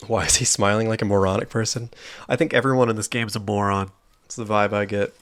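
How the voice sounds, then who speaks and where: A man's voice: fairly low pitch, fairly even intonation, fast talker, fairly bright tone. A man giving casual let's-play commentary as a gaming streamer, making sarcastic, joking asides at the game.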